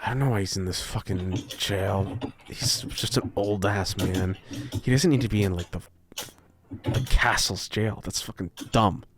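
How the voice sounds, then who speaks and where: A man's voice: a little high, moderate pace, voice pushed up, close to an everyday voice. A man playing a foul-mouthed jail guard, curt, crude, tabletop game voice, hissy recording. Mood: muttering.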